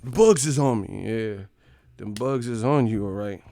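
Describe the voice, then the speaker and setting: A man's voice: on the low side, unhurried, creaky, mellow, no echo, clean studio sound. A man hosting a live stream, giving crude, mocking commentary as he reacts to chat and often breaks into laughter.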